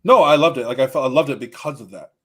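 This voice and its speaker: A man co-hosting a casual video chat, joking and animated, often acting out quotes. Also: medium pitch, quick pace, slightly rough. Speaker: co-host of a ranking video.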